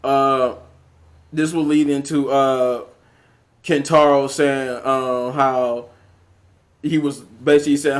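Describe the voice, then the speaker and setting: A man's voice: medium pitch, little pitch movement, slow pace, long pauses. A man casually recapping a movie scene by scene, rambling with many fillers and restarts. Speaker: movie reviewer.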